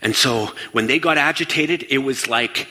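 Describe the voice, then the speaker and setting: A man giving a lively talk to an audience in a large hall. He asks the listeners questions and acts out the voices he quotes. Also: medium pitch, moderate pace. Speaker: speaker addressing an audience. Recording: long reverb of a large hall.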